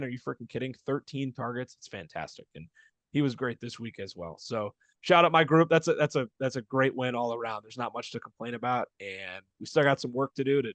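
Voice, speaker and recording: Dude cohosting a sports podcast, laid-back rambling chat, dry sound. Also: male voice, medium pitch, no echo. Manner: loose and chatty, frequent restarts. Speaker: podcast co-host.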